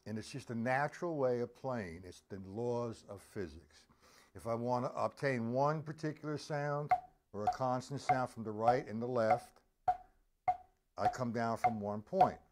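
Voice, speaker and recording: Slow, patient male drum teacher. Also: mid-range voice, a little mellow, a little hiss or hum. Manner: slow and patient, counting beats aloud. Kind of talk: live-streamed drum lesson.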